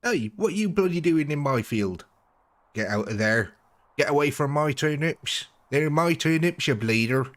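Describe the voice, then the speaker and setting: A man voicing a cranky rural southern farmer, shouting indignantly in a raised voice. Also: a little high, expressive, unhurried, pitched above the performer's own voice.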